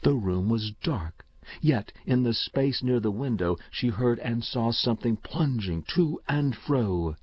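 A man reading a story aloud as narrator in a measured, steady way. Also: mid-range voice, husky, no echo. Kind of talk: audiobook reading. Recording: slightly dull dry recording.

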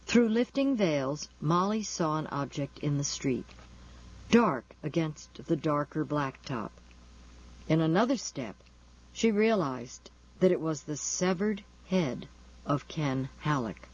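An audiobook narrator reading a novel in a measured, deliberate storytelling manner. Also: mid-range voice, lively intonation. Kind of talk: scripted narration of a horror novel. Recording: dull lo-fi recording.

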